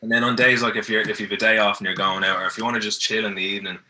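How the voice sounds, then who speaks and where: A man's voice: on the low side, level tone, rapid-fire, sharp tone. An Irish man on a podcast as a guest, telling stories in an easygoing, rambling way and often restarting. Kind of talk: casual chat, telling stories. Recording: mic at a distance.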